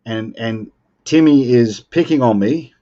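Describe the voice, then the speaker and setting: Joking Australian bloke on a livestream. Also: male voice, mid-range voice, unhurried, dark tone, muffled recording. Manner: joking, teasing, playfully defensive. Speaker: livestream host. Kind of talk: casual live chat with viewers.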